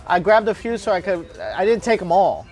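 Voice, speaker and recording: High-voiced laid-back deli guy chatting. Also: big pitch swings, a little fast, a little mellow. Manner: laid-back, laughs often, swears casually. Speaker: podcast host recording at his deli job. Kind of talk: casual chat at work. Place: deli shop at work.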